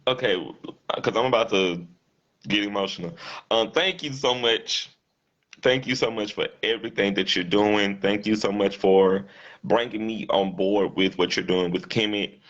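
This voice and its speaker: A man hosting a casual livestream talk show, thanking his guest and viewers with effusive shout-outs. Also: on the low side, moderate pace. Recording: dull lo-fi sound with faint music.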